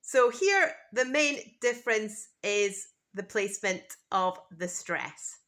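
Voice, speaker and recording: A woman teaching pronunciation, repeating each word slowly and clearly to contrast two versions. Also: medium pitch, expressive, fairly bright tone. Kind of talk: slow, deliberate scripted teaching.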